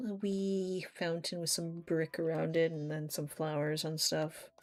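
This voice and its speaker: A woman's voice: sits low, flat delivery, unhurried, slight background noise. A young woman chatting casually while she plays a game on a live stream, telling stories animatedly and swearing now and then.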